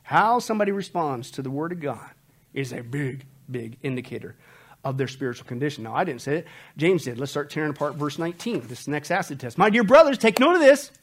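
A man preaching an expository sermon to a church congregation, swinging between loud emphatic outbursts and low hushed warnings. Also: expressive, brisk. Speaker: pastor. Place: church service.

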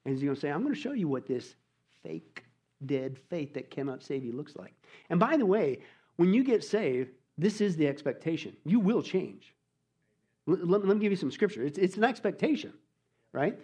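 Male pastor mid-sermon, emphatic and colloquial, slightly high voice, peppers rhetorical questions. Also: big pitch swings, moderate pace, husky. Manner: emphatic, rhetorical questions, swings loud and soft; colloquial preaching with mock voices. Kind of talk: expository sermon.

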